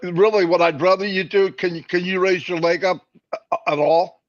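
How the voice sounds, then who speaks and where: A man with a high-pitched voice speaks at a moderate pace in a steady tone. He co-hosts a casual live stream, rambling and joking with many fillers and restarts, and the stream audio is dull and lo-fi.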